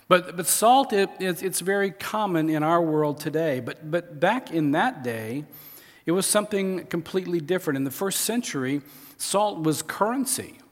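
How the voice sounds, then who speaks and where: A middle-aged man preaching a sermon as pastor, conversational, often restarting his phrases. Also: a little high. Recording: long reverb of a large hall.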